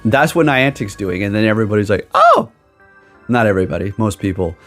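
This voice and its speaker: A man's voice: fairly low pitch, fast talker, soft background music. A young man ranting in a casual vlog, rambling and sarcastic, often restarting his sentences. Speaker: gaming YouTuber. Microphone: desk microphone.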